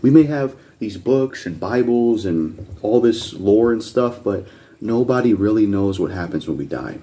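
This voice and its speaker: A man's voice: fairly low pitch, expressive, measured pace, dark tone. A man hosting a reaction video, ranting bluntly with heavy swearing and repeating his points insistently. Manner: blunt, profane and combative. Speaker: channel host reacting to videos.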